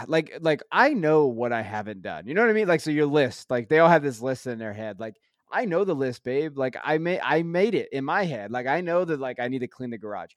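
A man's voice: mid-range voice, dry recording, studio quality. A man in his thirties co-hosting a podcast, venting in a weary, stressed way with lots of filler words. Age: 30s. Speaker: podcast co-host. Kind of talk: casual chat.

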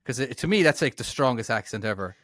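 A man's voice: mid-range voice, expressive, fast talker, fairly bright tone, no echo, clean studio sound. An Irish man co-hosting a podcast, chatting casually and self-deprecatingly with frequent restarts. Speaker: podcast co-host. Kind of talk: casual chat.

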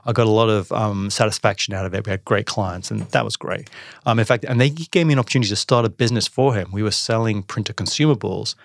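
A man telling a personal business story in a casual interview, acting out the dialogue with animated voices. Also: lowish voice, quick pace, creaky. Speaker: podcast guest, entrepreneur.

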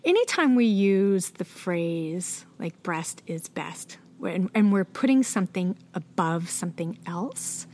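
A woman lactation consultant, a podcast guest, explaining in a measured way and affirming often. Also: medium pitch, expressive, mellow, slight background noise. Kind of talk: conversational interview.

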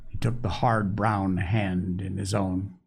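A man narrating a children's story aloud, reading slowly and expressively. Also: sits low, little pitch movement, gravelly, darkish tone, breathy edge. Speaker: audiobook narrator.

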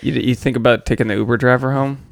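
A man's voice: medium pitch, fairly even intonation, fast, gravelly, no room sound, studio quality. A man hosting a podcast in casual chat, tossing in crude wisecracks. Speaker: podcast host.

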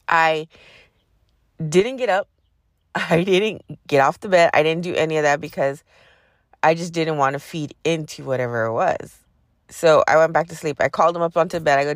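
A woman's voice: sits low, measured pace, long pauses, no room sound. Woman podcast host, casual storytelling, swears a lot, sarcastic, dry close sound. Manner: profane, sarcastic, animated retelling.

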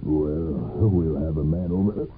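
A calm, matter-of-fact doctor, voiced by a man reading a radio story, answers in a bland, businesslike tone. His voice is deep and low, heard through a thin, narrow-band old radio recording. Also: slow pace.

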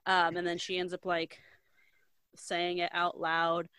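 A woman in casual chat, retelling a story in a rambling, animated way, filling every pause with "like". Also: on the low side, heavy background noise. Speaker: co-host recapping a book.

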